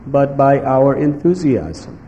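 A man giving a devotional sermon in slow, emphatic phrases, now and then acting out what others might say. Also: mid-range voice, big pitch swings, mellow. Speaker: spiritual teacher. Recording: echoey hall with faint background noise.

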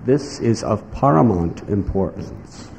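A man giving a devotional sermon in slow, emphatic phrases, now and then acting out what others might say. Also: fairly low pitch, sing-song, gravelly, darkish tone. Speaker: spiritual teacher. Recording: echoey hall with faint background noise.

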